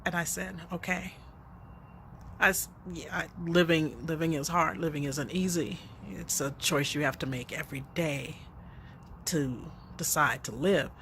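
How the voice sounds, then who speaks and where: A woman's voice: low voice, a little slow, fairly bright tone, slight background noise. A middle-aged woman telling a personal story in a reflective way, often laughing as she speaks.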